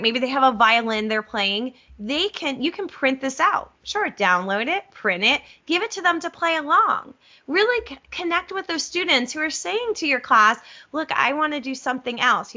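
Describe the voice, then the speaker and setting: A middle-aged woman music teacher demonstrating a curriculum in an enthusiastic webinar, animated and gushing, with self-aware asides. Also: high-pitched, lo-fi sound.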